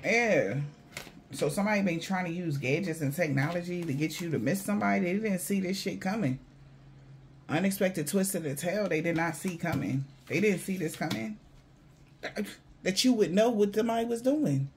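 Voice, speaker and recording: A man's voice: sits high, normal speed, a little hiss or hum. A man giving a casual spiritual reading to viewers, blunt, profane and mocking, in loose slangy talk. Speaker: spiritual reader.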